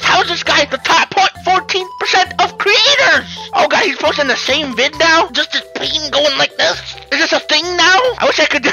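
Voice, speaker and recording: High, gravelly, yelping comedy guy. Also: rough recording. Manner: loud, yelping, addresses viewers as fellas. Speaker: reaction video host. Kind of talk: comedic reaction commentary.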